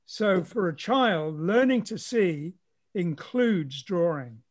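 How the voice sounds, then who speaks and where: Male guest, teacher type, high pitch, thoughtful and explanatory. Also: expressive, slow. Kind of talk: casual explanatory conversation.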